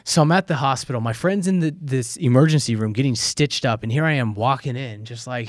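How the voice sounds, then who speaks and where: An American man and former soldier recounts his past in a casual interview. He talks candidly and with energy, slipping into the voices of the people in his stories. His voice sits at an ordinary pitch, recorded dry and close with no room sound. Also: fast, hardly any pauses, no room sound. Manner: candid, animated, acts out quoted voices. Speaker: guest.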